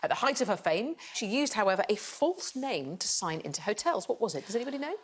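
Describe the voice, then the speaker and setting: A woman's voice: mid-range voice, big pitch swings. Wry woman hosting a quiz show. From England. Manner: wry, teasing, quick asides. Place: TV studio with audience. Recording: TV studio audience laughter, some noise.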